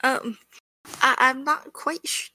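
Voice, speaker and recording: Woman player, high voice, giggly, acts her character, dry close sound. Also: steady tone, slow, sharp tone, dry recording. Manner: giggly, plays her character in first person. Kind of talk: tabletop role-play.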